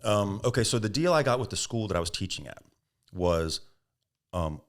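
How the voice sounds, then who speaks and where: Middle-aged man with a deep voice, guest on an interview podcast; animated anecdotes. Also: moderate pace. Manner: animated anecdotes, acts out quoted voices, laughs. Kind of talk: storytelling interview answers.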